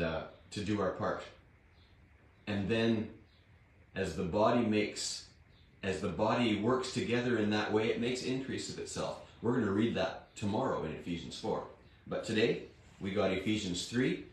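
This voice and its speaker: A man hosting a devotional Bible reading, talking in a homely, plain-spoken way with a slightly rough morning voice. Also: lowish voice. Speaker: devotional host and Bible reader. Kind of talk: slow, unhurried devotional talk. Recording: very echoey room, distant mic, faint guitar.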